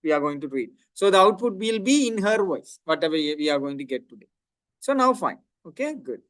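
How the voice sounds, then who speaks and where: A middle-aged man delivers a technical lecture in a fairly high voice, walking through each step and tagging his points with "right?". The sound is dry and close, with no room echo. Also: very animated, brisk, fairly bright tone. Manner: explanatory, repeats "right?" to check understanding.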